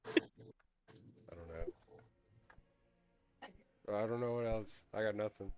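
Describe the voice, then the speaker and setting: A man's voice: lowish voice, level tone, fast talker, a little mellow, clear, resonant tone, highs cut off. A man playing a tabletop game in character, joking and rambling, often laughing. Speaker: player. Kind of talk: casual in-character role-play.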